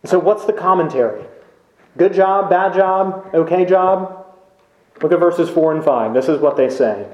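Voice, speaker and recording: A man preaching a sermon in a church, slow and emphatic, with many rhetorical questions. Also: on the high side, expressive, a little mellow, reverberant, muffled recording. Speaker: pastor. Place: church sanctuary.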